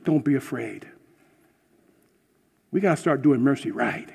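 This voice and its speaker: A man preaching a passionate sermon, swinging from hushed words to shouting, and ending in prayer. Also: mid-range voice, expressive, measured pace, vocal fry, slightly rough. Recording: long hall reverb.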